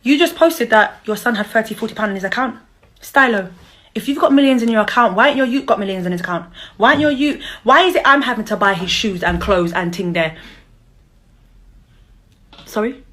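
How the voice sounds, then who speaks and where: Young woman, angry mocking rant, slightly high voice. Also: expressive, brisk, long pauses, fairly bright tone. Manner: confrontational, heated and mocking, repeats herself. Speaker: mother calling out her child's father. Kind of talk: angry live-stream rant.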